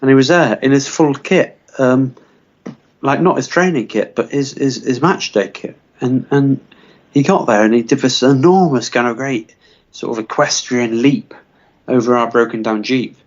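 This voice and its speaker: Man, podcast co-host, deadpan, rambling, mid-pitched, dull lo-fi recording. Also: moderate pace. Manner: rambling, full of fillers, deadpan. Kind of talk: deadpan comic storytelling.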